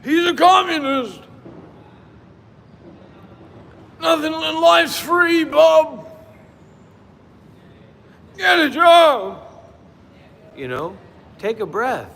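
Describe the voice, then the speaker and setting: A man's voice: high voice, fairly bright tone, in a large hall, a little hiss or hum, poor audio. A man who teaches meditation on a livestream and talks in a chatty, rambling way with lots of fillers. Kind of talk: casual livestream talk.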